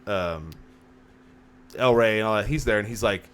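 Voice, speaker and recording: A man co-hosting a casual podcast chat, telling stories with lively acted-out quotes. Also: lowish voice, normal speed, clean tone. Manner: animated storyteller, acts out quotes. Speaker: podcast co-host. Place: small home studio.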